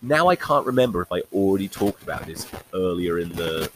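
A man's voice: low-pitched, big pitch swings, a little fast. A man hosting a solo podcast, talking rugby in a blunt, sweary, rambling way, recorded on a crackly faulty mic. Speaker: podcast host. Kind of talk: casual solo rugby chat.

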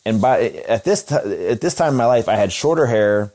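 Young male guest, lowish voice, chatty and animated as he tells a story. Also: fairly quick. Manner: animated, acts out quotes with a raised voice. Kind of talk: casual storytelling.

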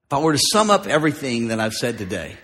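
A man preaching a sermon as pastor, moving from joking asides to shouted declarations. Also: mid-range voice, big pitch swings, fast talker. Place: large church auditorium. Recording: live in a large hall with music behind.

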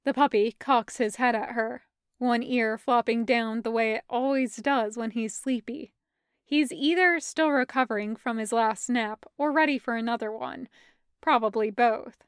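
Smooth-voiced woman reading a story. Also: a little high, measured pace, no room sound, clean studio sound. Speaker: fan fiction audiobook reader. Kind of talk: scripted story narration.

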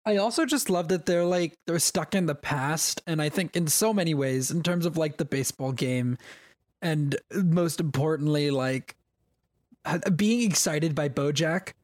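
Slightly high-voiced podcast man, laughs easily. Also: unhurried, no echo, clean studio sound. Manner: chatty, laughs often, many fillers. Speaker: podcast co-host. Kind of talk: casual chat.

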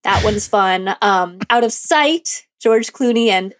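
A woman's voice: mid-range voice, slow pace, a bit bright. A woman co-hosting a movie podcast in casual, chatty talk, laughing often. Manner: giggly, chatty, frequent laughs. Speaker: podcast co-host.

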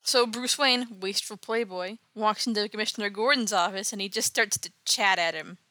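A woman's voice: medium pitch, normal speed, sharp tone, dry recording. A woman host casually recapping an old comic with wry, sarcastic asides. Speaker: podcast host.

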